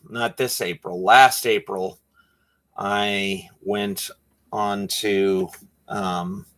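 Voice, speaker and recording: A man's voice: fairly low pitch, fairly bright tone. A man chatting casually on a live stream while he draws, rambling with lots of fillers.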